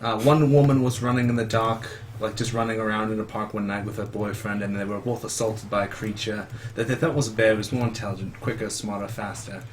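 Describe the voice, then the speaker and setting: A man's voice: on the low side, little pitch movement, a little hiss or hum, lightly acted. A man voicing a tired young male monster-hunting bard in a tabletop game, rambling and stumbling over his words. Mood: storytelling. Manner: rambling, halting, repeats words.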